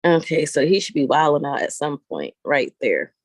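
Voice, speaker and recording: Blunt cussing vlogger ranting on and on, mid pitched, dry close phone sound. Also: big pitch swings, normal speed, husky, no echo. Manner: profane, exasperated and blunt, rambling. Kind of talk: ranting vlog storytelling. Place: walking around filming while talking.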